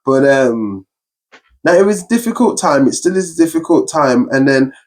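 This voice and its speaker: A man's voice: medium pitch, lively intonation, normal speed. A young man hosting a podcast, talking earnestly and upbeat in casual conversation, often running through long lists. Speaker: podcast host.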